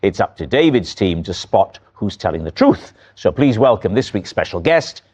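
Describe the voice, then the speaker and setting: A man's voice: lowish voice, big pitch swings, moderate pace, a little mellow, slightly rough. A man hosting a comedy panel show in a TV studio, playful and teasing with the guests. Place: TV studio with live audience. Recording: muffled studio sound, audience noise.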